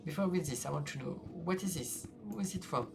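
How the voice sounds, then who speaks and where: A man's voice: animated, quick pace, gravelly. A man voicing a frightened young scholar who pleads nervously with a ghost, with game music behind. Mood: cautious. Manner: pleading, nervous, high and strained.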